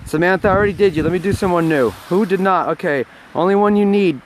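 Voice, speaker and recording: A man's voice: high-pitched, fast talker, noisy background. A man hosting a casual live phone stream outdoors on a snowy street, chatting playfully with viewers while walking a dog. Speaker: livestream host. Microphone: phone held by hand.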